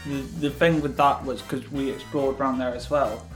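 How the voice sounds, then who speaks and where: A man's voice: medium pitch, steady tone, normal speed, echoey room, soft background music, rough recording. A British man co-hosting a podcast, telling a holiday story loosely with lots of fillers. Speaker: podcast co-host. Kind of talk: casual chat, storytelling.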